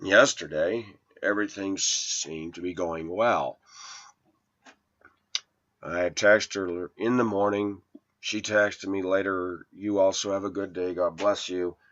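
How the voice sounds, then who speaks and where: A man's voice: low-pitched, fairly even intonation, slow, fairly bright tone, highs cut off. A man telling a personal dating story to his viewers, aggrieved and quoting texts and calls word for word. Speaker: video blogger.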